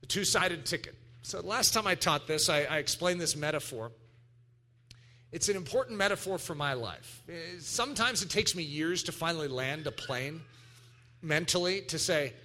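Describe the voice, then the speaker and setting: Male pastor, lively sermon delivery, bright high voice, swings wide in pitch, bursts into shouts. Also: normal speed. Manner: animated preaching with acted-out voices and sudden shouts.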